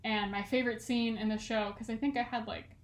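Fairly quick and fairly even in intonation, a high-ish female voice comes from a chatty young podcast co-host from California. She rambles through a casual chat in an echoey room, laughing often and saying "like" a lot.

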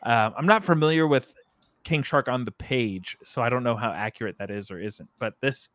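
A man on a podcast talks casually about games at a middling pitch, circling his point with ums and restarts. His voice is recorded close and dry, with no room sound. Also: moderate pace, fairly bright tone, dry recording. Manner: rambling, many fillers and restarts. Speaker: podcast co-host. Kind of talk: casual video game discussion.

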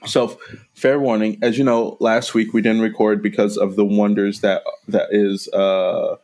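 A fairly low-pitched man co-hosting a casual movie podcast. He teases his co-host in mock-formal tones and rambles loosely through his stories. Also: level tone, a little slow, a little mellow. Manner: teasing, rambling storyteller. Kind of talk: casual chat.

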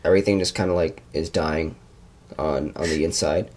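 A man mimicking another man as a gloomy young guy who muses slowly and mournfully about life. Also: very deep voice, steady tone, darkish tone, pitched below the performer's own voice. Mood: mopey. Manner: slow, mournful, philosophical musing.

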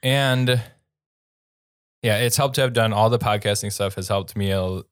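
A man's voice: lowish voice, normal speed, clear, resonant tone, no echo, clean studio sound. A man co-hosting a podcast in casual chat, joking and self-deprecating about his own voice. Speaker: co-host and producer.

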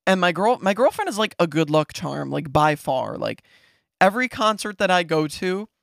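Excited young man telling a story. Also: high-pitched, creaky, no room sound, studio quality. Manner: excited, fast-talking, lots of fillers and "right?". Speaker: podcast host. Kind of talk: casual storytelling.

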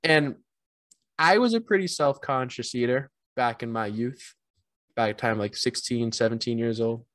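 A man's voice: medium pitch, moderate pace, a bit bright, dry recording. Man, co-host, casual podcast chat, rambling, self-deprecating, dry close sound.

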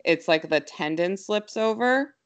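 Young woman, slightly low voice, brisk animated storyteller, filler-heavy casual chat. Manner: quick, animated, lots of fillers.

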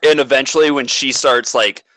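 Bright-voiced man retelling a movie, swearing. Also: medium pitch, no echo, low-quality recording. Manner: animated, swears freely, quick asides. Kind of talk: casual chat, retelling a movie plot.

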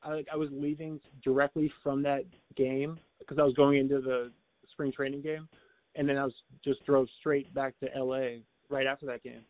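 A man's voice: medium pitch, level tone, moderate pace, no echo, phone-quality sound. A man on a podcast telling a long rambling story in casual chat, full of restarts and little laughs. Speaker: podcast co-host.

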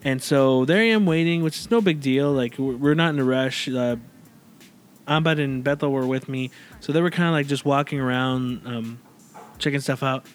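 A man's voice: medium pitch, moderate pace, faint music behind. A man hosting a casual chat, telling a long story in a rambling way, with many fillers and restarts. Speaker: podcast host.

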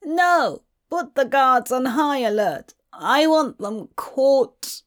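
A frightened elderly aristocrat, put on by a woman reading a story aloud, barks orders in a sharp, raised voice. He speaks slowly and pitches his voice high. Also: animated. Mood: commanding.

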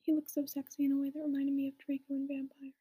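A young woman reading a story aloud in a soft, mocking whisper with asides, as whispered role-play. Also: sits high, monotone, quick pace. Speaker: reader.

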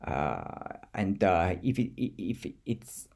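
A man with a French accent, an artist talking his thoughts through in a reflective monologue, halting and repeating words as he searches for them. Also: sits low, sing-song, vocal fry, darkish tone. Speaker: artist vlogger.

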